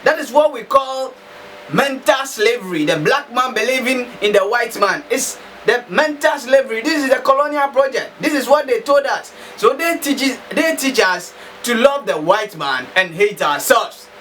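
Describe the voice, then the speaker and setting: A man's voice: very high voice, animated, moderate pace, a bit bright. A man from Africa delivering an impassioned, emphatic monologue full of repetition and rhetorical questions. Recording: slightly distant mic, faint background noise.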